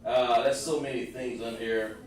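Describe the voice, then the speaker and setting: A religious teacher leads a live-streamed scripture class, walking through word meanings one step at a time and addressing his listeners directly. His medium-pitched voice is a little mellow, fairly even in intonation and normal in speed. He sits far from the mic in a very echoey room with slight background noise.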